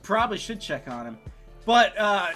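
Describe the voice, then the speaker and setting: A man co-hosting a casual podcast chat, his voice bright and lively with big swings in pitch. He jumps from loud, excited bursts to low, mumbled trailing words and laughs often. Faint music plays underneath. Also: normal speed. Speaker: podcast co-host.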